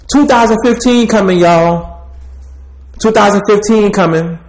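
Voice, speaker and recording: A man's voice: high voice, moderate pace, a little mellow, low-quality recording. A man preaching an emphatic, repetitive rant to his viewers in street slang.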